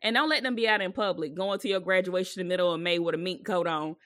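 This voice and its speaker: A woman's voice: lowish voice, fast, fairly bright tone, no room sound, clean studio sound. A young woman co-hosting a comedy podcast in casual chat, joking and mimicking older relatives. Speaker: podcast co-host.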